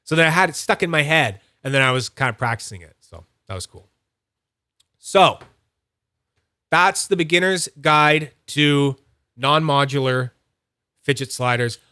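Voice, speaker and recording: A man hosting a fidget toy channel, chatting casually and excitably, rambling, teasing himself and greeting viewers by name. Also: on the high side, measured pace, pauses often, clear, resonant tone, no room sound, clean studio sound. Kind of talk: casual rambling livestream-style review.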